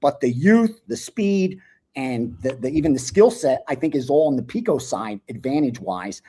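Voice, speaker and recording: A man giving sports betting picks in casual talk, blunt and animated, swearing freely. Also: medium pitch, normal speed, slightly rough.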